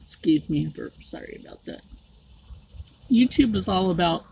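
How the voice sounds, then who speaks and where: A woman talking to her viewers in a personal vlog, rambling and halting with many fillers, outdoors. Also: lowish voice, expressive, vocal fry, mellow, slight background noise, low-quality recording. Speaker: YouTube creator.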